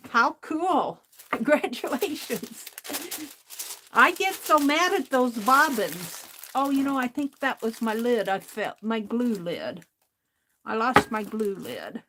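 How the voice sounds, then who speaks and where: A woman's voice: fairly high pitch, animated, slow, pushed and bright, a little hiss or hum. A woman hosting a crafting livestream, chatting casually, thinking aloud and talking to her viewers. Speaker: livestream host.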